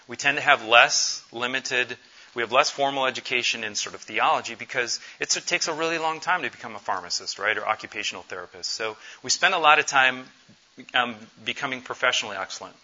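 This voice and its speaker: A man's voice: medium pitch, fairly quick, sharp tone, muffled recording. An earnest man in his forties giving a conversational talk at a missions conference, with frequent fillers.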